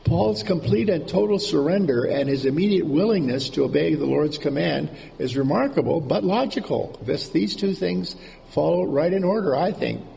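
Male preacher, fairly high, gravelly voice, informal sermon delivery with repeated words, echoing hall, faint noise. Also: animated, normal speed, mellow. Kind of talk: conversational sermon.

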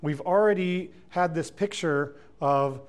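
Thoughtful man teaching scripture, slightly higher voice. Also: measured pace. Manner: thoughtful, frequent fillers and self-corrections; reads scripture aloud then comments. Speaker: Bible teacher. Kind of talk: verse-by-verse Bible teaching.

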